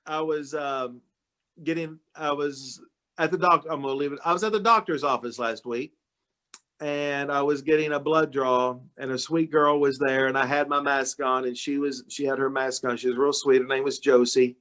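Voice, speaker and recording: A county judge, recovering from illness, speaks as a guest to a club meeting over a video call. His casual talk is folksy, warm-hearted and full of stories, delivered in a mid-range voice with fairly even intonation at a moderate pace.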